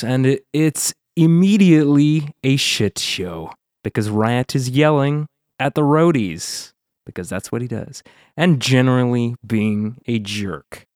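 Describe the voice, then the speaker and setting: A man hosts a casual podcast at an ordinary pitch, recapping episodes briskly with a wry, sarcastic edge. The sound is dry and close, with no room around it. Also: darkish tone, dry recording. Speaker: podcast host.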